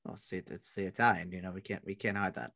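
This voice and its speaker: A man with a New York accent co-hosting a casual sports podcast, blunt and profane, trailing off into low mumbled asides. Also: steady tone, fast talker, vocal fry, bright, forceful tone. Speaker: podcast co-host.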